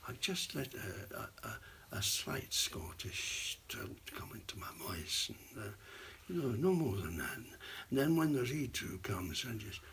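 Older male actor with a bright voice. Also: fairly low pitch, very animated, measured pace, gravelly, few pauses. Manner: rambling storyteller, drops to hushed whispers for asides. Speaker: actor guest. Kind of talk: anecdotal interview chat.

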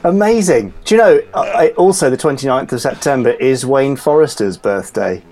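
A man's voice: medium pitch, lively intonation, moderate pace, a little mellow, soft background music. A man being interviewed on a podcast, friendly and precise, often chuckling. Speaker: interview guest. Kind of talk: casual interview.

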